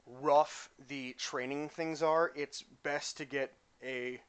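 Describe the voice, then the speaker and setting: A man's voice: on the high side, steady tone, slow, smooth. A young man running a tabletop game and narrating casually as game master.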